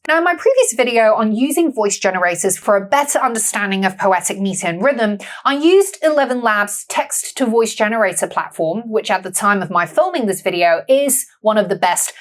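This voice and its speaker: A woman teaching English literature in an upbeat, clear, explanatory video lesson. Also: medium pitch.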